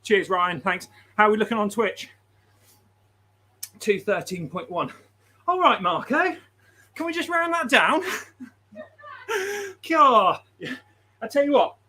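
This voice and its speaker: A man's voice: high voice, fairly bright tone. A man hosting a livestream, chatting casually, laughing often and reading out viewer messages. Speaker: livestream host.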